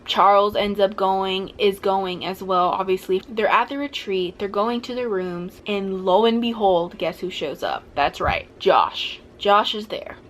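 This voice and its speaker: A young woman talks through a recap in a casual, chatty vlog voice. Her pitch sits in the middle of the range and she drops in plenty of fillers. A faint background noise runs under the recording. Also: fairly bright tone. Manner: chatty, with upbeat fillers like "like" and "blah, blah". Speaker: vlogger recapping a TV show. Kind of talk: casual chat.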